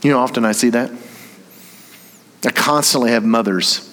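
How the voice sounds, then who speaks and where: A man's voice: medium pitch, moderate pace, fairly bright tone. A man from Tennessee, preaching a sermon and telling a story with humor and acted-out voices. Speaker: pastor. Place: church. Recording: reverberant church hall.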